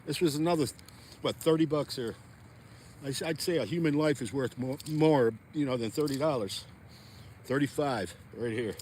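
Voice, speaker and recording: A man's voice: mid-range voice, moderate pace, darkish tone, slight background noise. A chatty, folksy man vlogging outdoors on a frozen lake, talking straight to his viewers. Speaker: fishing vlogger. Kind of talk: casual outdoor vlog talk.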